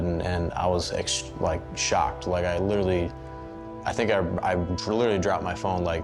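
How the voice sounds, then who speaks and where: A young man in his twenties, a baseball player, speaking haltingly with many fillers in a documentary interview. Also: low-pitched, fairly even intonation, over music.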